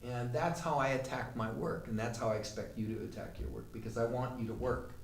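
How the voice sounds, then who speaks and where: A man's voice: medium pitch, fairly quick. A man teaching an acting class, telling a long anecdote in a conversational way with fillers. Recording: roomy, distant mic with faint noise.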